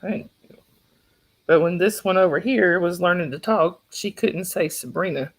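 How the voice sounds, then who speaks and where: Gravelly Southern woman streaming from home. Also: fairly low pitch, measured pace. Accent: Southern US (North Georgia). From North Georgia, USA. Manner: chatty, laughs often, talks to her pets and child. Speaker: livestream host. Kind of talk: casual chat. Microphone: phone.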